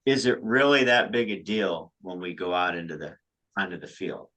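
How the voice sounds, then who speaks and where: A man who coaches high school softball, co-hosting a casual podcast chat, often restarting his sentences. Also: animated. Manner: halting, repeats words when starting sentences.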